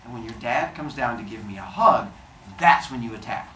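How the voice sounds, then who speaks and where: A man's voice: medium pitch, lively intonation, moderate pace, pushed and bright, roomy sound, distant mic, a little hiss or hum, voice pushed down, poor audio. Mother earth goddess voiced by a man, coaxing and patient, from afar. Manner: patient, explaining a plan.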